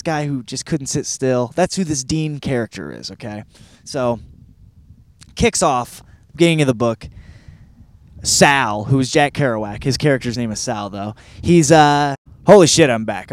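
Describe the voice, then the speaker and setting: A man's voice: a little high, a little mellow, dry recording. Male podcast host, 30s, from Michigan; loose, profane, self-deprecating delivery, dry booth sound. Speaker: podcast host reviewing a book. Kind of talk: casual profane monologue. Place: California.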